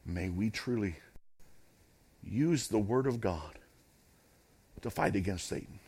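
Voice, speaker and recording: A man's voice: on the low side, animated, slow, darkish tone, husky. A man preaching a sermon as pastor, in an emphatic, repetitive preaching cadence.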